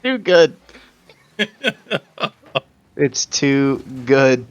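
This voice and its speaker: A man's voice: medium pitch, very animated, extremely slow, smooth, lo-fi sound. A man doing color commentary on an esports match, cracking puns and laughing often.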